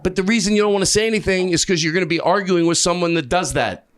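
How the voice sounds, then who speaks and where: A middle-aged man doing improvised stand-up in a comedy club, rambling and self-deprecating, breaking into sudden shouts. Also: high voice, fast. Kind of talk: improvised stand-up riffing with a crowd. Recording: live club recording with crowd. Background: audience laughter.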